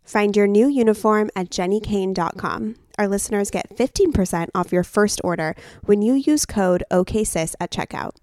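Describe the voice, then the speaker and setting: A young woman delivering a polished, upbeat sponsor read on a podcast. Her pitch is middling, and the sound is dry and close. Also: normal speed, hardly any pauses, darkish tone, no echo. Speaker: podcast co-host. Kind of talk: scripted ad read.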